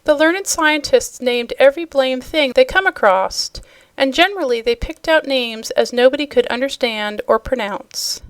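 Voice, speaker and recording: A woman's voice: high-pitched, moderate pace, clear, resonant tone, dry recording, voice pushed up, close to an everyday voice. A woman doing a grizzled old sailor. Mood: gruff.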